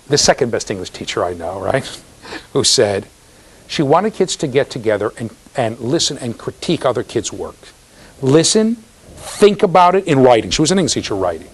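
A man's voice: medium pitch, normal speed, breathy edge. A man giving a classroom lecture in a conversational way, telling stories, checking in with students and acting out the voices of people he quotes. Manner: animated storyteller, acts out quoted voices. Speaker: university lecturer.

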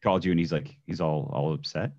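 A man's voice: a bass voice, fairly even intonation, fast, darkish tone. A man as a podcast guest in casual chat, easygoing and hesitant, often restarting his sentences. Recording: dull lo-fi audio.

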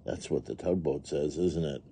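A man's voice: a bass voice, fairly even intonation, moderate pace, dark tone, slightly rough. A man reading a picture book aloud to young children, playfully imitating animal and machine sounds and asking the listeners questions. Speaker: read-along narrator.

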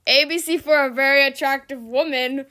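Giggly high-voiced young woman gamer. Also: steady tone, normal speed, bright, forceful tone. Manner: giggly, exclaims and shrieks, reads chat aloud. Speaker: gaming YouTuber. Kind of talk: casual gameplay commentary.

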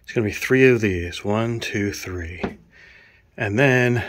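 A drummer vlogger with a lowish voice speaks slowly over slight background noise, showing off his gear in a casual show-and-tell. He rambles, counts items aloud, and is out of breath from carrying things.

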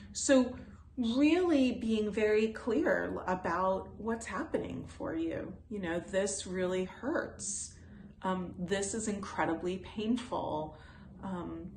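A woman teaching self-compassion in a gentle, unhurried way, with pauses and fillers. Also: mid-range voice, roomy sound, a little hiss or hum. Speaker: wellness teacher.

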